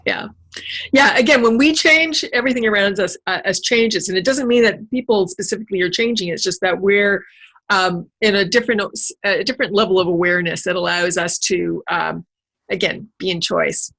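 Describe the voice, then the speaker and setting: A woman's voice: medium pitch, a little fast, gravelly, fairly bright tone. A woman business coach hosting a casual conversation, affirming and encouraging her client.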